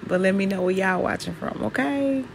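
A woman's voice: mid-range voice, normal speed, creaky. A woman from Mississippi with a Southern accent, chatting casually to her viewers while she cleans her kitchen and asking them questions. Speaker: home vlogger. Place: home kitchen.

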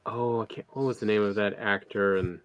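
A man's voice: on the low side, steady tone, fairly quick, highs cut off. A man streaming a game, chatting casually in a rambling way and often trailing off mid-thought. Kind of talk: casual gaming chat.

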